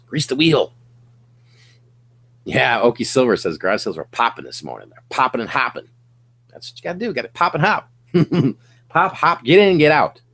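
A man's voice: medium pitch, moderate pace, long pauses, breathy edge. Hyped-up man giving reselling pep talk. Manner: energetic, hyped coaching with bursts of slang. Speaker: host of a reselling livestream. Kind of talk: casual livestream advice. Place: home office, seated.

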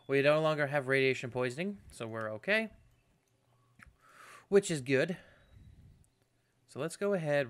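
Upbeat man with a smooth voice. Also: mid-range voice, a bit bright. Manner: upbeat, chatty, self-mocking. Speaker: gaming channel host. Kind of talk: casual gameplay commentary.

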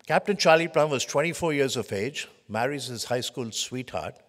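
Speaking at a medium pitch and normal speed, a man delivers an expressive leadership lecture to a conference crowd. He tells stories with emphasis and piles short phrases into lists. The long reverb of a lecture hall fills the recording.

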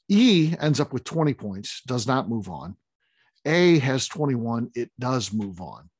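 A man's voice: mid-range voice, a little mellow, slightly rough, no room sound. A man hosting a whiskey tasting, casually reading out the results with lots of fillers and repeated phrases.

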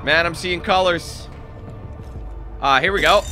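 A man doing casual let's play commentary on a video game. He swears freely and breaks into frustrated shouting. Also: fairly high pitch, unhurried. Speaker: gaming channel host. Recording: game music playing underneath. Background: video game music and sounds.

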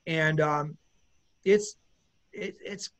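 A man, a bass player, chatting as an interview guest in a rambling, enthusiastic way with many fillers and restarts. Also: very slow, fairly bright tone. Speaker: guest musician, bassist. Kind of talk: casual interview chat.

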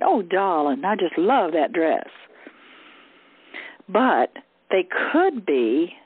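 A woman's voice: lowish voice, husky, dry recording. A woman coaching a group over a call, talking in an easygoing way and checking in with "okay?". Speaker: communication coach. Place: lives in the southern US. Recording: tinny phone-line sound.

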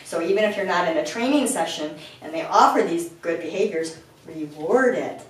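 A woman dog trainer talks through her method with a lively, swooping delivery. She is recorded indoors in a strongly echoing room, some way off from the mic. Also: normal speed. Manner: clear explaining tone, switching to high sing-song calls of praise. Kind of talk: instructional training video. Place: indoors at home. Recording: very echoey room, far from the mic.

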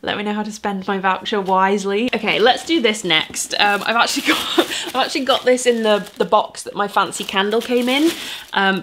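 A woman's voice: a little high, a bit bright, slight background noise. A woman, chatting casually through a birthday gift haul in a chatty, enthusiastic way with little laughs. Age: 30s. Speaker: vlogger.

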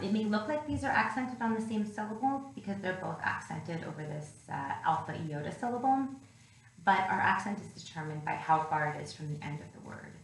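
A woman teacher walks through a grammar lesson patiently, one step at a time. Her voice sits a little low. The recording is roomy, with a faint hiss behind it. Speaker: Greek teacher. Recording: echoey room with faint noise.

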